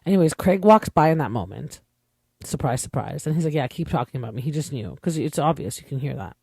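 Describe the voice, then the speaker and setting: A man's voice: a little high, lively intonation, fairly quick, creaky, a little mellow, husky, dry recording, clean studio sound. A young man from Canada, an opinionated podcast host chatting casually through a reality TV recap with lots of fillers.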